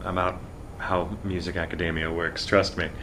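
A man with a very low, deep voice talks in relaxed conversation, choosing his words with a slightly theatrical flourish and leaning on easy fillers. Steady background noise sits under his voice throughout. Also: moderate pace. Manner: articulate, slightly theatrical phrasing, many "you know" fillers. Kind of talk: casual conversation.

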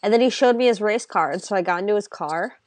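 A woman with a mid-pitched voice hosts a casual comedy chat and drops wry, deadpan quips. The sound is close and dry, with no room around it. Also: quick pace, dry recording.

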